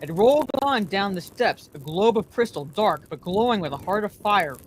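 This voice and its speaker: A woman narrating a fantasy novel aloud as a bedtime story, in a calm, even manner. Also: medium pitch, normal speed, slight background noise.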